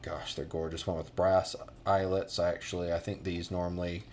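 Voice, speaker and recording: A man's voice: low-pitched, little pitch movement, normal speed, a little mellow, a little hiss or hum. An American man giving a casual boot review, rambling with many fillers and restarts.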